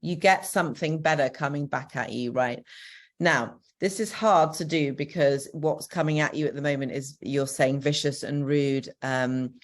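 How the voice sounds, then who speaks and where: A woman's voice: low-pitched, fairly even intonation, normal speed. A woman with a Northern English accent, a co-parenting coach giving practical, encouraging advice in a Q&A, with frequent ums. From Northern England. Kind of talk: answering a question in a Q&A.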